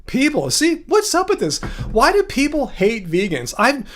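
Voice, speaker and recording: A man's voice: very high voice, wildly swooping pitch, normal speed, a bit bright. A man hosting a casual livestream, ranting sarcastically and chatting directly with viewers in the comments. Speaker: livestream host.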